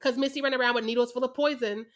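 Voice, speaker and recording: A woman co-hosting a casual podcast chat, animated and expressive, acting out quotes, swearing and laughing a lot. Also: on the high side, racing. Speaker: podcast co-host.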